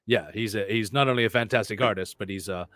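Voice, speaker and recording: A man co-hosting a casual livestream, reading viewer comments aloud with loud joking banter and swearing. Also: lowish voice, fast. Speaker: livestream co-host.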